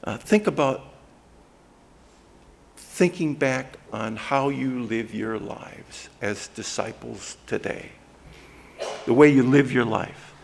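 A man preaching a sermon as pastor, swinging from hushed, soft phrases to loud, emphatic ones. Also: medium pitch, vocal fry, slight background noise.

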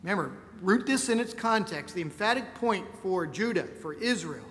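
Male preacher, high voice, emphatic delivery, long hall reverb. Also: expressive, fairly bright tone. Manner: emphatic, slows on key words, reads scripture aloud. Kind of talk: sermon.

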